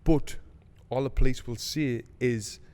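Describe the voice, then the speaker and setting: A man's voice: mid-range voice, measured pace, mellow, big-room sound. Sweary man telling a story. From England. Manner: swears freely, acts out quotes with heat. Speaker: podcast host. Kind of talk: casual storytelling chat.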